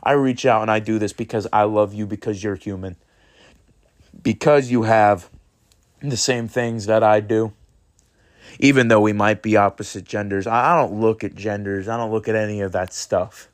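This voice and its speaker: A man's voice: lowish voice, fairly even intonation, normal speed. A man hosting his own podcast, talking in an earnest, rambling way and swearing freely as he urges listeners toward kindness. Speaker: podcast host. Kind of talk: casual motivational monologue.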